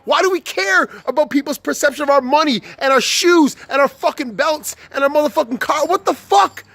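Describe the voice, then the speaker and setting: A very high-pitched, gravelly, somewhat bright male voice, recorded with no echo. It belongs to a young vlogger giving a spontaneous motivational rant to camera, swearing constantly, tripping over and restarting his lines, and getting heated.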